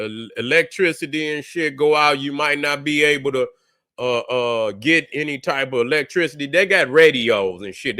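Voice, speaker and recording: A man's voice: medium pitch, bright, forceful tone. A man hosting a casual reaction vlog, telling a rambling, profane story straight to his viewers. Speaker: channel host.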